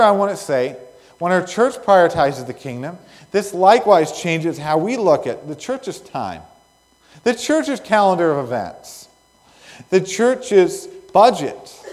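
Earnest pastor preaching in echoing hall. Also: male voice, sits high, very animated, darkish tone. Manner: earnest, rising and falling emphasis with pauses. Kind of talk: sermon. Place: church sanctuary. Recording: long reverb of a church hall.

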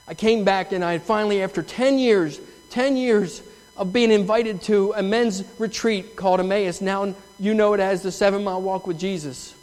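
A man with a notably high voice tells his story earnestly and with feeling, as a testimony from the front of a church. His words ring out into the long reverb of a large sanctuary. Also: normal speed, darkish tone. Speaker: church member giving testimony. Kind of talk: testimony sermon.

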